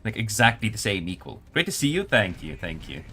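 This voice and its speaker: A man's voice: lowish voice, sing-song, fairly quick, sharp tone, husky, soft background music. A man working as a community manager, casually chatting with viewers and commenting on a match during a live stream. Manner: casual, answers chat while spectating a match.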